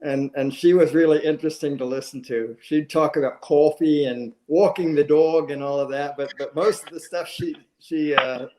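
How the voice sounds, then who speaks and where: A man telling a story in relaxed casual chat, with halting restarts. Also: on the high side, rough recording.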